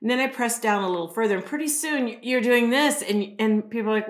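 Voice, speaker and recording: A woman with a slightly high, lively voice speaks briskly, barely pausing, as a guest expert on self-esteem on a podcast. She explains earnestly and often checks in with "right?" and "you know." The recording has a roomy echo.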